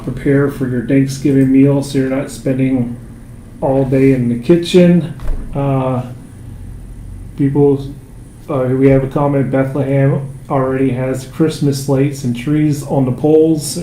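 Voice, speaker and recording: A man hosting a local radio show, relaxed, reading listener comments and plugging upcoming shows. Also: medium pitch. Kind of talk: casual radio chat and announcements. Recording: echoey room, faint noise.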